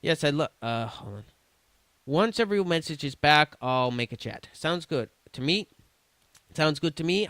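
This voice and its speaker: A man's voice: medium pitch, fairly bright tone, clean tone, dry recording. A man streaming, reading chat messages aloud in a casual, stumbling way with restarts and swearing.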